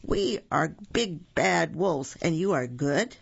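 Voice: medium pitch, lively intonation, slow, creaky, breathy edge, dry recording, heavily acted. A storyteller voicing a grumpy, exasperated papa wolf on a dull recording. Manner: grumbling and exasperated. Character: grumpy big bad male papa wolf.

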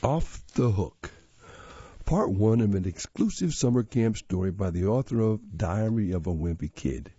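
A man narrating a children's story in a steady, expressive reading voice. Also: lowish voice, moderate pace, hardly any pauses, breathy edge, no echo. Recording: slightly dull lo-fi audio.

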